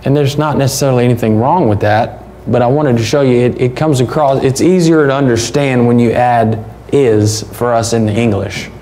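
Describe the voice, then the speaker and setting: A man's voice: medium pitch, moderate pace, hardly any pauses, warm tone, slight background noise. A man, preaching a sermon as a pastor in a conversational, folksy way with rhetorical questions. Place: church.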